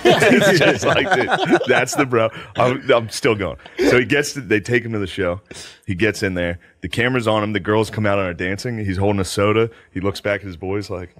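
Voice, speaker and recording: A man's voice: fairly low pitch, a little fast, no echo, studio quality. A man co-hosting a casual chat, telling stories with acted-out quotes and frequent laughter. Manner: animated, acts out quotes, laughs often.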